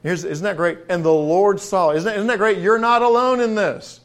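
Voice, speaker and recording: A middle-aged man preaching a sermon in a folksy way, building to emphatic, drawn-out stresses on key words. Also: high-pitched, steady tone.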